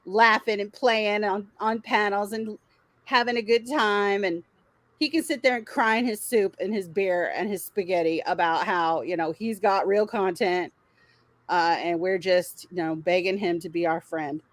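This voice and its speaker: A woman's voice: mid-range voice, moderate pace, dry recording. A woman hosting a stream, commenting on a clip in a sarcastic, mocking way. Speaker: host.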